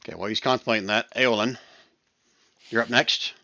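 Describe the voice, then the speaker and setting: A man's voice: mid-range voice, fairly even intonation, fairly quick, sharp tone, no room sound. A man acting as dungeon master in an online tabletop game, explaining rules in a laid-back way. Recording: dull, lo-fi voice chat.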